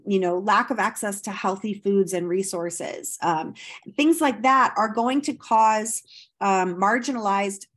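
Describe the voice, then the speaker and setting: A woman's voice: medium pitch, a bit bright. A woman lecturing on anthropology over slides, explaining step by step with many ums and rhetorical questions.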